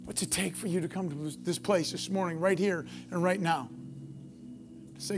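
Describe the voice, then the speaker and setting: A man preaching a sermon, building passionately to loud, repeated declarations. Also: high-pitched, moderate pace, breathy edge, faint music behind. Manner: impassioned, builds to near-shouting peaks; repetitive preaching cadence. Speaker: pastor.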